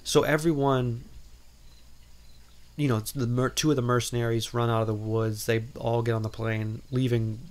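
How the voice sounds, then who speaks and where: This podcast host's voice is medium-pitched with little pitch movement, and he talks at a moderate pace. He recaps a movie in a loose, rambling way, heavy on "like" and "um," full of playful asides that cut into his own sentences.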